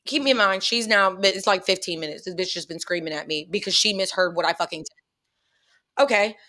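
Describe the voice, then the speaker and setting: With a mid-range voice and a fairly quick pace, a woman co-hosting a podcast shares a personal story in relaxed chat. Her delivery is blunt and lively, full of swearing and laughter.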